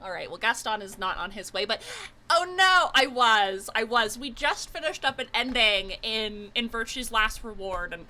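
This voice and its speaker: Bright, chatty young streamer. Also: medium pitch, animated, normal speed. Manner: chatty, effusive, greets viewers. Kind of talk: live game stream chat.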